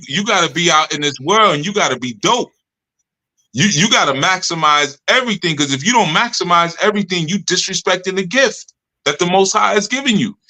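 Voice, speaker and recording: A man with a bright, forceful voice that sits a little high for a man delivers a loose, streetwise lecture to his study group. He jokes, preaches and slips into mock complaints from his listeners in a higher pitch, sounding middle-aged. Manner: streetwise, joking, acts out followers' complaints in higher voice. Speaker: spiritual leader of a study group. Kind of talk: live study session talk.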